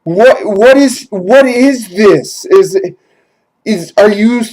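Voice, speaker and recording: A man voicing a panicked, disoriented victim who babbles in a high, frantic voice in a comedy sketch, recorded on a cheap webcam. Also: drawn-out words, darkish tone, low-quality recording. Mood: frantic, bewildered.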